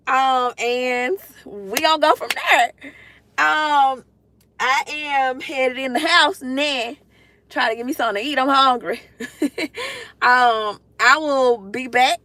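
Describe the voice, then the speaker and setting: Gushing, bright-voiced woman streamer. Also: high voice, no echo. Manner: gushing, emotional, addresses chat directly. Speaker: livestreamer. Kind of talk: casual livestream chat to viewers. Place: in a parked car.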